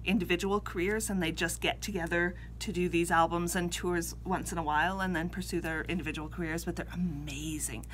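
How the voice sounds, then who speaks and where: A woman's voice: lowish voice, steady tone, a little fast, hardly any pauses, a bit bright, a little hiss or hum. A woman co-hosting a casual knitting podcast, chatting in a rambling, easygoing way. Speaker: podcast co-host. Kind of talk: casual chat.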